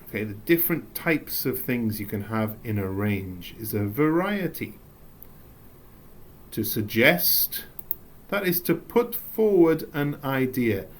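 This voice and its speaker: Slow, playful English male teacher. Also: mid-range voice, slight background noise. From England. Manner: playful asides, slow deliberate reading. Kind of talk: recorded lesson walkthrough.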